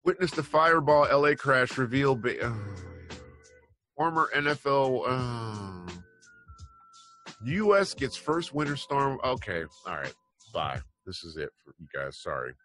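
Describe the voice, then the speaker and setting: A man's voice: mid-range voice, very animated, measured pace, bright, forceful tone, faint music behind. A man hosting an online news show, talking casually and rambling through his opinions with wry asides. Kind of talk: casual commentary on news headlines.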